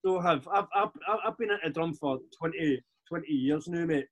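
A Scottish man in his forties, a podcast guest telling stories in a lively, casual way, swearing freely and restarting his sentences. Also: a little high, moderate pace. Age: 40s. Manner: animated, swears freely, repeats words on restarts. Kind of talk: casual storytelling chat.

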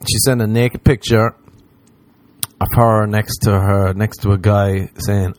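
An Irish man doing stand-up comedy, rambling through profane stories and mocking people in put-on high voices. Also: fairly even intonation, a little slow, a little mellow, no room sound. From Ireland.

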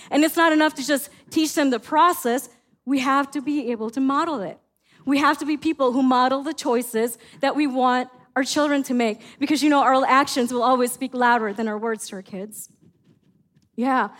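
A middle-aged woman pastor preaching a sermon, telling family stories in an animated way and acting out her own lines. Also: sits high. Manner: animated storytelling, acts out her own quotes.

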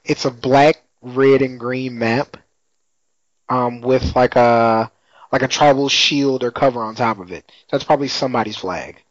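A man's voice: medium pitch, a little slow, no echo. A man in casual chat, retelling a TV episode in a laid-back, slangy way with frequent laughs. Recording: dry, slightly muffled lo-fi audio.

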